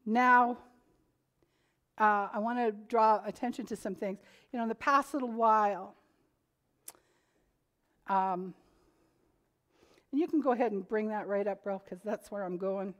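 A woman's voice: medium pitch, steady tone, unhurried, long pauses, a bit bright. A woman preaching a sermon to her congregation, earnest and growing emphatic when she reads scripture aloud. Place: church.

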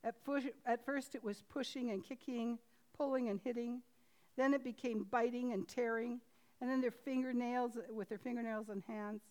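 A woman preaching a sermon and reading a story aloud from a book. She talks earnestly and haltingly, full of restarts, and swings from loud emphasis to a hushed hush. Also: fairly high pitch.

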